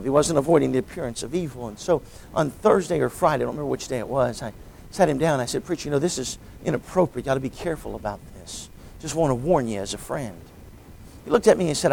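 A middle-aged man, a travelling evangelist, preaching a sermon in a storytelling way, dropping to quiet asides and rising to booming shouts. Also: a little hiss or hum, low-quality recording.

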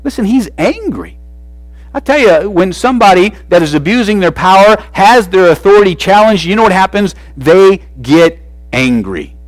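A man preaching a sermon in an animated way, swinging between loud and soft with frequent restarts. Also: a little high, dry recording, poor audio.

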